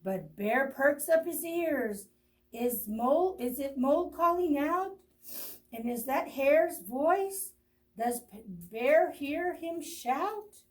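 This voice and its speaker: Slow, expressive woman reading to children. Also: a little high, recorded from a distance. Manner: slow, expressive storytelling with gasps and asides to children. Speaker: children's librarian. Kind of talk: picture-book read-aloud for children. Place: library storytime video.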